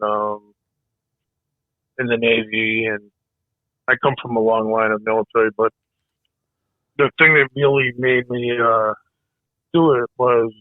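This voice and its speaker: A man in a casual podcast interview who is losing his voice, speaking in a halting, hesitant way. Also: medium pitch, no room sound. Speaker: military veteran guest. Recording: tinny phone-like line.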